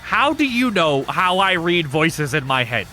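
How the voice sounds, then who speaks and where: Male streamer host, high bright voice, lively pitch, excitable and joking, swears a lot. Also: unhurried, soft background music. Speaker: streamer hosting a wrestling show. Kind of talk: casual live-stream chat with viewers.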